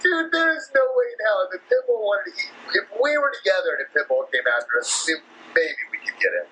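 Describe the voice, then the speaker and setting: A man co-hosting a podcast in casual chat. He jokes around in a relaxed way and swears freely. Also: high-pitched, fast, a little hiss or hum, rough recording. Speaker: podcast co-host.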